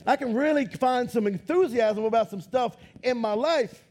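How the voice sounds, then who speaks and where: Excitable pastor guy preaching in church, real high husky voice, gets loud and animated. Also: normal speed. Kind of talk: lively sermon. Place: church auditorium.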